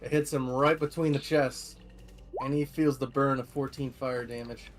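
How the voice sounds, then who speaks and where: A man's voice: mid-range voice, fairly even intonation, normal speed. A man playing a tabletop game, playful and adding sound effects. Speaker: player.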